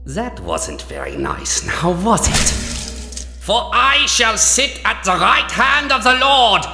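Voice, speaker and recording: An actor playing a malevolent demonic overlord in a video game, gravelly, theatrical and mocking. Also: male voice, high voice, wildly swooping pitch, slow, music in the background, full character voice. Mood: menacing. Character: malevolent demonic entity, sneering male overlord.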